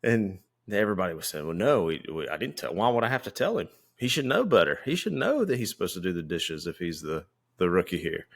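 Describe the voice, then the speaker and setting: A man with a very low voice tells a story in an easy, conversational way. He co-hosts a podcast and talks about his time as a firefighter. Now and then he acts out what the people in the story said. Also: quick pace, vocal fry. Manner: relaxed, anecdotal, acts out quoted lines. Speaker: podcast co-host.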